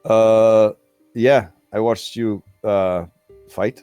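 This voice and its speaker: A man's voice: fairly low pitch, fairly even intonation, very slow, dark tone, clear, resonant tone, faint music behind. A man voicing a polite, slightly awkward young male nature guide in a tabletop game. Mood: flustered.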